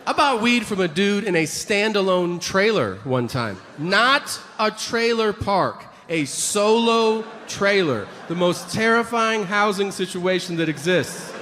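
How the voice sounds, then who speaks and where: Animated male stand-up comic on a live stage. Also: high-pitched, a little slow, few pauses. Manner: animated storytelling, acting out voices with shouted punchlines. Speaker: stand-up comedian. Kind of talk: stand-up routine. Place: comedy stage before a live audience. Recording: live show with roomy reverb and crowd noise.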